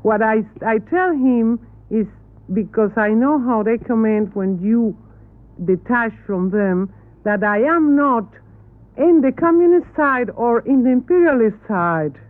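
A woman from Cuba, a native Spanish speaker with a Cuban Spanish accent, answering questions earnestly in halting English and correcting her questioners. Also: fairly high pitch, lively intonation, dry recording. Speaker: interview guest. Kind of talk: televised panel interview. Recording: tinny archival broadcast audio.

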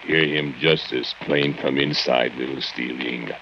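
An actor playing a bitter immigrant foundry laborer who speaks slow, broken English, in 1940s radio acting. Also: male voice, very deep voice, steady tone, slight background noise. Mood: brooding. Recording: dull lo-fi old radio recording with music.

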